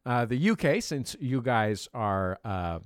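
Lively man hosting a comedy quiz. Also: mid-range voice, takes it slowly, clean tone, no room sound, clean studio sound. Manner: lively, amused, chuckles through lines. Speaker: game show host.

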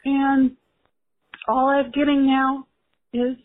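A woman's voice: high voice, level tone, unhurried, pauses often, no room sound. A mother calling in to a podcast, weary and sighing as she talks. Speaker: caller, mother of a toddler. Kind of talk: voicemail to a podcast. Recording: tinny phone line.

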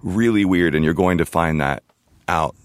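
A man speaking as a podcast guest in casual interview chat, with dry, teasing deadpan humor, on a studio mic with headphones. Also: deep voice, moderate pace, dry recording. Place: his own home setup in a remote recording.

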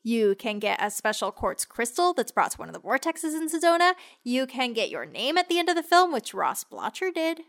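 Female podcast co-host, playful and bubbly, slightly high pitch. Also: sing-song, brisk, hardly any pauses, a bit bright. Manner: bubbly, laughs often, playful. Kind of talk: casual podcast chat.

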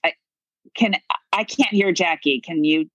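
A woman co-hosting a comedy podcast, reacting quickly and laughing easily in casual chat. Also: fairly low pitch, a bit bright, husky, dry recording, lo-fi sound.

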